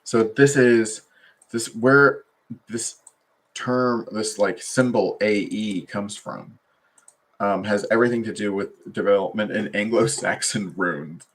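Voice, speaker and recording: A man's voice: fairly low pitch, slow. A man talking loosely on a solo stream at his computer, meandering with many fillers and trailing thoughts. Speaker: vlogger. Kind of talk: rambling solo livestream talk.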